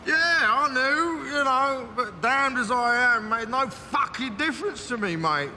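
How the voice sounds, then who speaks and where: Volatile gangster. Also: male voice, very high-pitched, lively intonation, measured pace, background noise. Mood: erratic. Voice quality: rambling, profane, erratic. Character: volatile middle-aged male London gangster. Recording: film audio with hall reverb.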